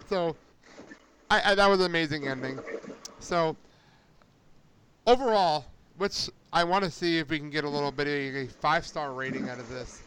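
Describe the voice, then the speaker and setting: A podcast host with a fairly high-pitched, clean voice chats casually and tells stories at an unhurried pace with long pauses. He's an animated storyteller who laughs often.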